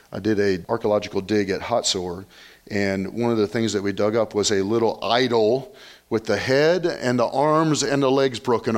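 A man, a pastor, preaching an earnest sermon, praying and then reading scripture aloud with animated storytelling. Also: lowish voice.

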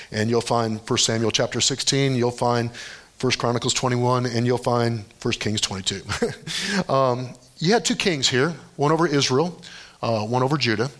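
Man preaching with emphatic, rising outbursts. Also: fairly bright tone. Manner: conversational storytelling, voice rising high for emphasis. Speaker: pastor. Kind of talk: sermon.

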